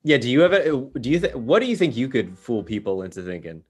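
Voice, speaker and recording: A man co-hosting a casual podcast, mid-pitched and animated. He works out his ideas aloud, doubling back and restarting as he goes. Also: fast talker, slightly rough. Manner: animated storytelling with many restarts. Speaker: podcast co-host.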